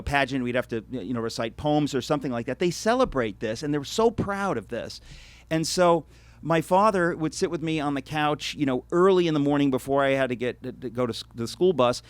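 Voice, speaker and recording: A man's voice: medium pitch, no echo. A middle-aged American man giving an earnest, reflective talk as an author before an audience, with frequent restarts and wry asides. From United States. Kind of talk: lecture to a live audience.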